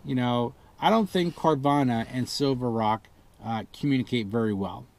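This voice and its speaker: A man with a medium-pitched, darkish voice and a moderate pace reviews a botched car purchase in a casual complaint vlog. Exasperated, he retells a phone ordeal with rising indignation. Along the way he mimics the people he quotes.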